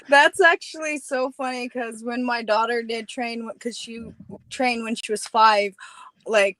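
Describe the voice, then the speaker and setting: Fighter guest, female, from New Mexico, higher voice, chatty, laughs a lot, dry sound. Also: fairly even intonation, takes it slowly, pushed and bright, no echo, poor audio. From New Mexico, USA. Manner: chatty, laughs often, "you know what I mean". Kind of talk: casual interview chat.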